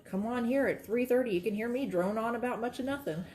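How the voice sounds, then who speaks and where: A woman's voice: on the high side, fast talker, a little mellow. A woman, chatting and rambling to viewers while she demonstrates quilting, talking straight to her audience. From Florida. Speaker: quilting livestream host.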